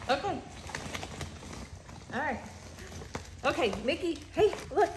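High-voiced woman baby-talking her dogs. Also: animated, takes it slowly, reverberant, noisy background. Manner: sing-song baby talk to pets. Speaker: dog owner filming her dogs' birthday. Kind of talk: casual home video chat.

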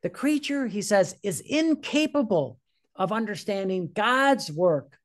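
A man's voice: sits high, lively intonation, measured pace. An older man, a priest, giving a fervent sermon and reading quoted passages aloud with emphasis.

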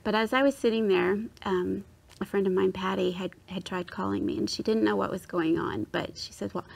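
A woman's voice: mid-range voice, fairly even intonation, fairly quick, gravelly. A woman on a Christian talk-show panel, giving an earnest, heartfelt personal testimony. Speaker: discussion panelist.

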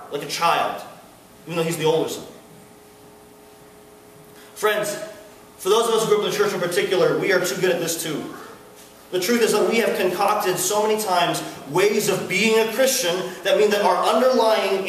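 A man's voice: high-pitched, distant mic, a little hiss or hum. A young man preaching an earnest, emphatic sermon to a student fellowship. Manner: earnest, builds to emphatic peaks, acts out a screaming son. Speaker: campus fellowship speaker. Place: large hall at a student gathering. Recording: echoey hall recorded from afar.

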